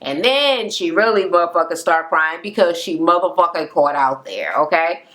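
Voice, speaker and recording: A woman with a fairly low voice recaps a reality show in a casual rant. She is blunt and swears freely. She tells the story with plenty of energy. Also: moderate pace. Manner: profane, blunt, animated storyteller. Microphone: camera-mounted recording setup.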